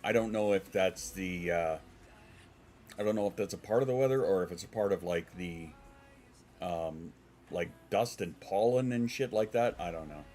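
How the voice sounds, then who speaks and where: A man's voice: sits low, normal speed, darkish tone, a little hiss or hum. A congested man streaming from home, chatting casually with his viewers and swearing now and then. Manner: rambling, swears, answers chat.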